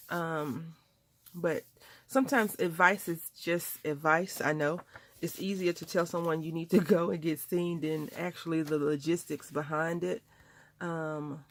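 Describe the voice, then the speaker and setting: Chatty woman crafting at home, bit of fry in her voice, dry close sound. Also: lowish voice, no room sound. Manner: chatty, storytelling, lively quoted voices. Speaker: crafting vlogger. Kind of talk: casual chat while crafting.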